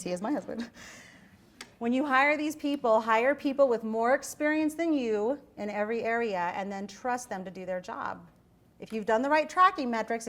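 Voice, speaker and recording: Animated woman telling a story to students. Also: a little high. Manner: animated, chatty, acts out quoted voices. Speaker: guest lecturer. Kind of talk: storytelling lecture. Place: university lecture hall.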